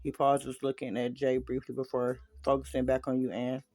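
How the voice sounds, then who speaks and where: A man's voice: medium pitch, monotone, moderate pace, darkish tone, no room sound. A man casually reading a fan story aloud, dropping chatty asides to listeners. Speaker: story reader.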